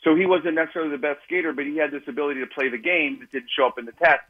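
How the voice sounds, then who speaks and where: A man's voice: a little high, fairly even intonation, racing, slightly rough, phone-quality sound. A man from the Chicago area, an author and guest, telling candid, self-mocking stories in a radio interview and acting out the voices he quotes.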